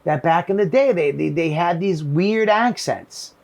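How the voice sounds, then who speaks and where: A man's voice: a little high, animated, a little slow, creaky, darkish tone. A male comedian in casual chat, talking emphatically and swearing freely. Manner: emphatic, profane. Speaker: comedian co-host. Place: small shed.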